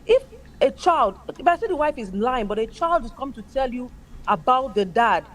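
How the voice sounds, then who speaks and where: A woman's voice: a little high, expressive, fairly quick. A woman speaking emphatically in casual chat, mimicking other people's voices as she makes her points. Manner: emphatic, acts out quoted people.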